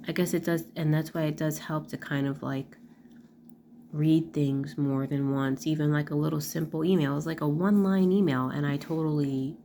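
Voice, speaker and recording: A woman's voice: low-pitched, dark tone, slight background noise. A middle-aged woman talking casually in a personal vlog, rambling with lots of fillers and restarts. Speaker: vlogger.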